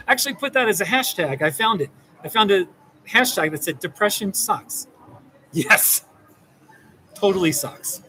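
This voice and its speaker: A man's voice: high-pitched, animated, normal speed, sharp tone, slight background noise, low-quality recording. Rambling, reassuring man therapist. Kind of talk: casual direct-to-camera talk.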